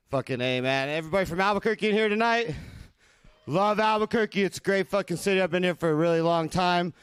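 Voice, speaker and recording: Smooth, profane stand-up comic man. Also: high voice, fast, a bit bright, no room sound. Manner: profane, crowd-working delivery. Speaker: stand-up comedian. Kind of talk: stand-up comedy set.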